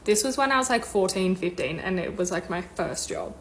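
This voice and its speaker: A woman's voice: on the low side, animated, fairly quick, a bit bright, slight background noise, low-quality recording. A young woman wryly recounting her first retail job. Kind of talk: casual storytelling.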